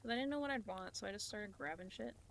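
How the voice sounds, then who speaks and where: A woman's voice: mid-range voice, fast talker, gravelly, fairly bright tone, a little hiss or hum. A woman livestreaming, chatting casually with her viewers as she plays, giggling often and swearing offhandedly. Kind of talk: casual chat while playing a game. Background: game music.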